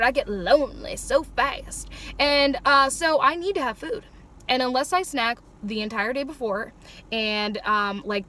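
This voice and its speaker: Bright high-voiced young woman rambling. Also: a little hiss or hum. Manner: chatty, joking, self-mocking. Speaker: vlogger. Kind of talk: casual rambling monologue.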